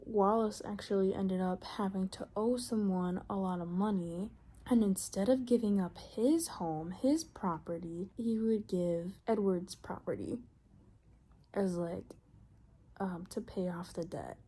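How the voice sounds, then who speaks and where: A young woman vlogger casually recapping a novel in a chatty, exasperated, animated way. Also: mid-range voice, measured pace, slightly rough. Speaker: book vlogger.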